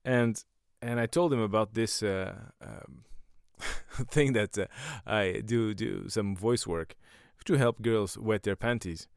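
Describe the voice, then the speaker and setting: A man's voice: lowish voice, takes it slowly, vocal fry, smooth, dry recording, studio quality. A man, a stand-up comedian and podcast host, talking in a rambling casual monologue full of swearing and self-mocking jokes.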